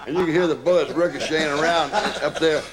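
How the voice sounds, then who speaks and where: An older man reminiscing and telling anecdotes, animated and laughing as he talks. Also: a little high, fast. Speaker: storyteller.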